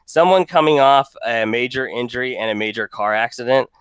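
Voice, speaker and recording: A man's voice: medium pitch, brisk, a bit bright, smooth. A man co-hosting a podcast in a casual, joking chat that rambles with restarts. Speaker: podcast co-host. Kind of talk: casual fantasy football chat.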